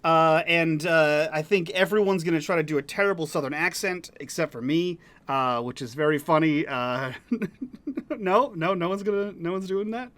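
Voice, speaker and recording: An upbeat man opens a streamed tabletop game as its game master. His voice is bright and forceful and sits a little high, and he rambles through his intro with lots of fillers. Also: moderate pace.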